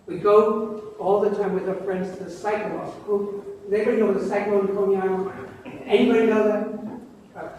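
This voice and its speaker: An older man, telling a class a folksy, animated story about his own fears. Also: high-pitched, brisk. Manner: animated, folksy, self-mocking. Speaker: guest lecturer. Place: large lecture hall. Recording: echoey lecture hall from far off, faint noise.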